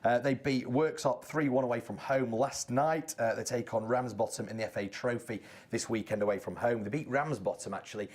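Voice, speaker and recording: A man's voice: mid-range voice, brisk, hardly any pauses. A man presenting a local TV sports round-up in a chatty way, with joking asides between results.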